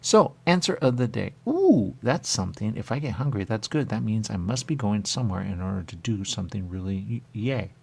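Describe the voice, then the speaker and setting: A man with a deep, low-pitched voice and a gravelly, fry-laden texture hosts a radio talk show. He rambles in a meandering monologue, circling back over the same phrases as he muses aloud. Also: expressive, fairly quick, hardly any pauses. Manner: repetitive, meandering, musing aloud.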